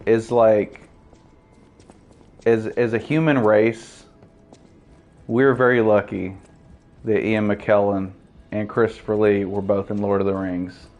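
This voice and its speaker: A man's voice: lowish voice, steady tone, slow pace, long pauses, a little mellow, highs cut off, soft background music. Joking man chatting over a game. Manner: joking, rambling, laughs at his own jokes. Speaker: gameplay commentator. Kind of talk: casual let's-play chat.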